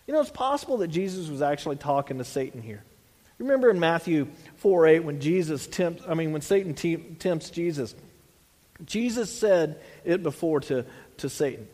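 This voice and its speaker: A man's voice: fairly high pitch, lively intonation, moderate pace, darkish tone, big-room sound. A man preaching a sermon as a pastor, earnest, restarting phrases and dropping in "you know" asides.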